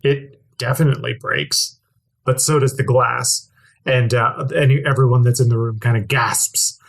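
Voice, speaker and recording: A young game master narrates a tabletop adventure in a halting, filler-laden way. The voice sits at a middle pitch, easy and unforced. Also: level tone. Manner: hesitant, filler-heavy narration.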